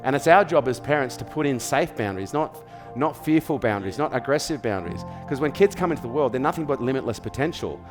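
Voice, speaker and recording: A man's voice: medium pitch, expressive, fast talker, few pauses, long reverb tail, music in the background. An Australian man speaks in a firm motivational style, his voice sitting in an ordinary middle register. He repeats key phrases for emphasis and keeps checking that the listener is following. It sounds like an interview where he hands out advice as a coach. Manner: emphatic, repetitive, asks "okay?" and "does this make sense?". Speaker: business coach sharing parenting advice.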